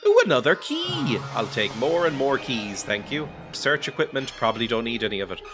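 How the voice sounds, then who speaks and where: A man's voice: mid-range voice, brisk, over music. A man giving casual, sarcastic commentary while playing a video game, joking and laughing often. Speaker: let's play gamer.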